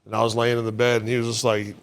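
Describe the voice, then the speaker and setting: A middle-aged man, a stand-up comedian, telling frank, profane stories in a relaxed way as a podcast guest on a close mic. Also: medium pitch, racing, clean tone. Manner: frank, profane, laid-back storyteller. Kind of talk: candid storytelling in casual interview.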